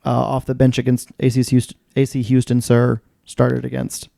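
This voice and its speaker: A man's voice: medium pitch, monotone, moderate pace, gravelly, warm tone, no echo. A man co-hosting a casual podcast chat, matter-of-fact as he runs through stats. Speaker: podcast co-host.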